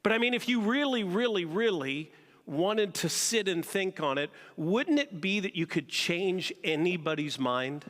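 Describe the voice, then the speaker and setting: A man's voice: sits high, animated, unhurried, a bit bright, big-room sound. A man preaching a sermon as pastor, talking conversationally and asking the congregation questions. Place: church sanctuary.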